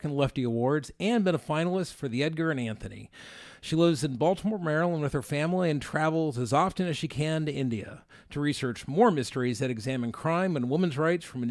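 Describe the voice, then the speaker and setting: A man's voice: mid-range voice, no room sound, clean studio sound. A man moderating a bookstore author panel, joking and informal as he introduces the next writer. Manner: joking and informal, with fillers and restarts. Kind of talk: casual introductions.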